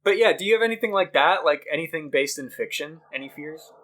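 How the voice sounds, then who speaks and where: Lively, laughing male podcast host. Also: a little high, quick pace. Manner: rambling, laughs often, swears. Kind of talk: casual podcast chat.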